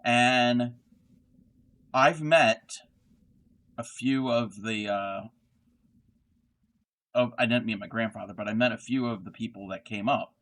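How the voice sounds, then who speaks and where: A man's voice: medium pitch, slow, long pauses, a bit bright. A middle-aged man who hosts a crochet livestream, rambling casually as he answers chat. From Baltimore area, Maryland. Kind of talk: casual live-stream chat.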